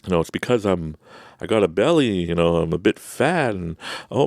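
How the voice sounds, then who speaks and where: A man's voice: deep voice, very animated, normal speed, vocal fry, no echo, studio quality. A man hosting a podcast, telling a personal story casually and with animation, acting out his own reactions and laughing often. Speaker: podcast host.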